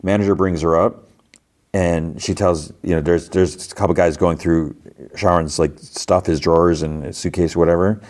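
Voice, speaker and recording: A man with a very low voice talks through a show recap in loose, casual chat. He keeps restarting his sentences and leans on fillers as he goes. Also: fairly even intonation, moderate pace, a little mellow. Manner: rambling, filler-heavy retelling with many restarts. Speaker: podcast host.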